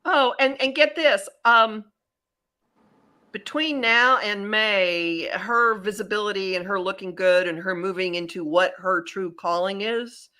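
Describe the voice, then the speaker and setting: A woman hosting a podcast as a psychic astrologer, talking in a rambling, animated way with many restarts. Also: medium pitch, a little slow. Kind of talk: casual podcast chat.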